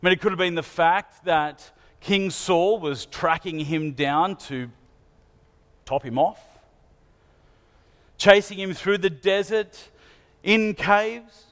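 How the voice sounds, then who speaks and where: A man's voice: high voice, takes it slowly, pauses often, fairly bright tone. A man preaching a sermon in an earnest manner, asking his listeners searching questions. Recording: long hall reverb.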